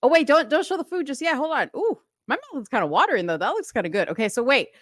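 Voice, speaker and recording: A woman's voice: high-pitched, sing-song, quick pace, fairly bright tone, no echo. A woman co-hosting a live talk show, chatting casually and laughing often. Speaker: co-host. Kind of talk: casual chat.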